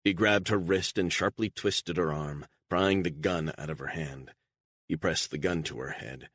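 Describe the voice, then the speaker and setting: Deep-voiced male audiobook narrator. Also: dry recording, clean studio sound. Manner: measured, even reading. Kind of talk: scripted narration.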